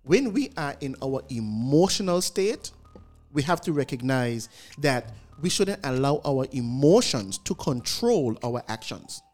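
A man's voice: medium pitch, sing-song, measured pace, a little mellow, soft background music. A man co-hosting a casual group chat show, laying out his point in a preachy way. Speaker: podcast co-host.

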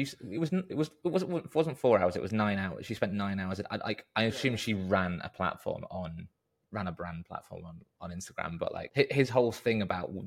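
Brief: British male podcast co-host, very low and gravelly, rambling and self-deprecating. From Britain. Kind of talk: casual chat.

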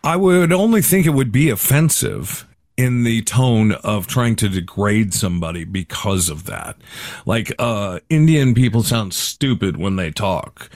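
Male podcast co-host, relaxed bro-ish delivery, animated pitch, dry close mic. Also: measured pace, no room sound. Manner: laid-back, says "dude" often. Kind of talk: casual chat.

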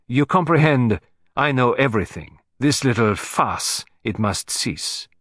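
A man's voice: medium pitch, sing-song, normal speed, no echo. A man voicing a fussy, shrewd older Belgian detective, precise and self-satisfied in his delivery. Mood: accusing.

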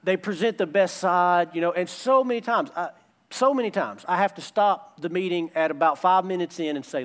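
A man's voice: high voice, normal speed, a bit bright. A man preaching a sermon as a pastor, emphatic and returning again and again to his key phrases.

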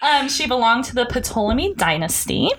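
Lively, chatty woman podcast host. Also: a little high, normal speed, a little hiss or hum. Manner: chatty, giggly, storytelling with lively swings. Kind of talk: casual chat.

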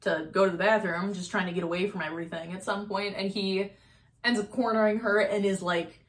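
A woman co-host recaps and weighs in on a film in a loose, talkative way and sprinkles "like" through her sentences. Her voice sits at a middling pitch for a woman. She states her opinions plainly. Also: fairly even intonation, brisk. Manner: chatty and opinionated, with frequent "like"s. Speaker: podcast co-host. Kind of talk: casual movie review chat.

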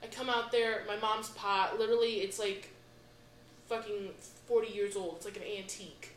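A young adult woman co-hosting a podcast, telling an embarrassing story in a profane, animated way. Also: mid-range voice, normal speed, reverberant, a little hiss or hum, poor audio. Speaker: podcast co-host. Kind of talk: casual chat, storytelling.

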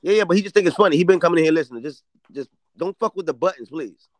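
A man's voice: on the high side, animated, rapid-fire. A man co-hosting a live talk show, joking and ranting in profane casual banter. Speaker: podcast co-host.

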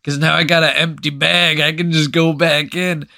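A scruffy homeless man whines and drawls, as a man imitates him in a story. His voice has a bright, thin tone. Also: on the high side, flat delivery, moderate pace, vocal fry, voice pushed up. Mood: nonchalant.

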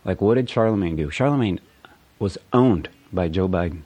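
A man's voice: sits low, expressive, normal speed, warm tone, breathy edge. A man delivering a profane, rambling, sarcastic political rant. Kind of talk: ranting political monologue.

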